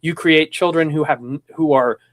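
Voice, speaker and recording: A man with a notably high speaking voice talks casually as a podcast host. He tells stories in an animated way, rambles with restarts, and slips into other people's voices when quoting them. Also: moderate pace. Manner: animated storytelling, acts out quoted voices. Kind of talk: casual conversation.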